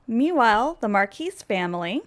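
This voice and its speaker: A woman's voice: fairly high pitch, sing-song, measured pace, rough recording. Chatty woman narrating a game story. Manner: chatty, giggly, filler-heavy.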